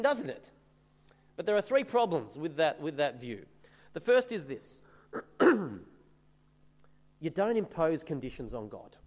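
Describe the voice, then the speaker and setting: A man with a fairly high voice preaches a sermon. His delivery is earnest and emphatic, and he reads passages aloud between points. The sound carries a long hall reverb. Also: darkish tone.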